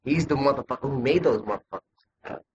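A man's voice: mid-range voice, fairly quick, highs cut off, slight background noise. A man in casual chat, blunt and swearing freely.

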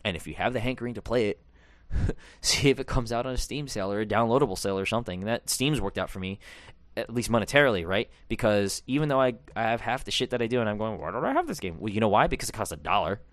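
A man's voice: fairly low pitch, fast, no room sound. A young man hosting a podcast, talking in a loose, rambling monologue full of fillers and self-deprecating asides. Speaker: podcast host.

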